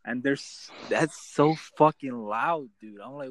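A young man with a middle-pitched voice in an easygoing podcast chat. He rambles through a story, restarting sentences and cursing freely. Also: unhurried, a little hiss or hum, low-quality recording. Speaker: podcast co-host. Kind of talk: casual chat.

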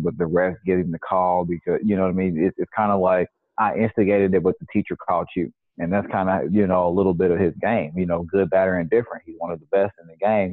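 A man in his forties co-hosting a podcast, calmly laying out his view in casual sports chat. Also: low voice, no echo. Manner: measured, explains his view at length. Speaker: podcast co-host. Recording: tinny phone-line sound.

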